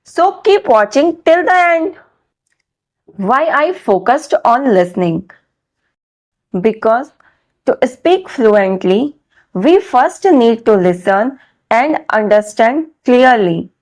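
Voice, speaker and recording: A woman vlogger narrating a scripted vlog about her English practice, speaking slowly and deliberately with careful pronunciation. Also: on the high side, lively intonation, darkish tone.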